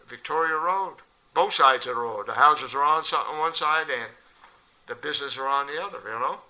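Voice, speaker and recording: Older man telling a lively anecdote. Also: a little high, normal speed, poor audio. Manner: animated, jumps into lively voices for quoted people. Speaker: local storyteller.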